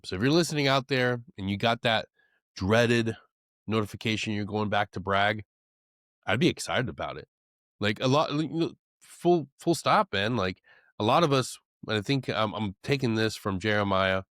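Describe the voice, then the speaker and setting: Low-voiced, lively, profane male podcast host. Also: dry recording, studio quality. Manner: profane, animated storytelling. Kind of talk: casual conversation.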